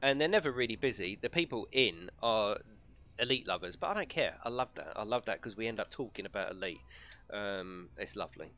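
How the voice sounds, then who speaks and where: A man's voice: fairly low pitch, expressive, a little fast, sharp tone, dull audio. A man streaming a game, chatting casually and telling stories, laughing often and swearing freely. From United Kingdom. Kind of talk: casual live-stream chat. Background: faint music.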